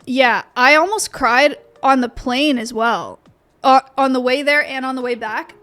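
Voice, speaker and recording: A young streamer talks casually with her chat from a home office, her speech wandering and full of fillers and false starts. She has a high, slightly bright voice and speaks at a measured pace.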